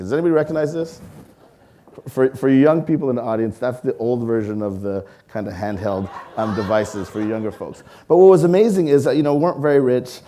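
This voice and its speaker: Male speaker, 40s, warm low-toned lecturer, animated storyteller addressing a hall audience. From Canada. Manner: lively storyteller, acts out voices, engages audience with questions. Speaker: science museum leader giving a public talk. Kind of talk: public lecture with personal stories.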